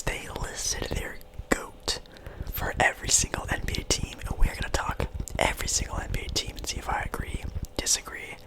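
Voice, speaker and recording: A young man whispering a casual ASMR sports ramble as host, chewing gum as he talks. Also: low-quality recording.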